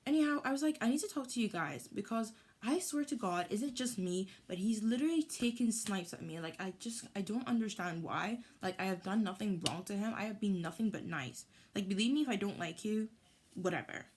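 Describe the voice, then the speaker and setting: Woman, storytime vlogger, animated, indignant retelling. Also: mid-range voice, a little fast, a little hiss or hum. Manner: animated, heated retelling with lots of "like". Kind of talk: storytime vlog.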